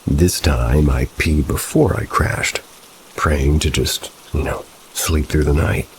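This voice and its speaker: A man narrates a spooky first-person tale in a steady, unhurried way. His voice sits extremely low, with a rough, gravelly fry. Faint rain can be heard behind him. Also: a little hiss or hum, low-quality recording. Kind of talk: horror story narration.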